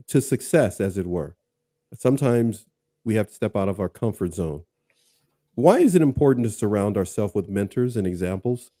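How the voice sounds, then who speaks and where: A man hosting an online podcast, his voice dark and mellow. He chats casually, laughs easily and keeps talking over his guest, and the sound is close and dry. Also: mid-range voice, dry recording. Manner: laughs often, interrupts and apologizes. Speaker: podcast host. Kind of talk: casual interview chat.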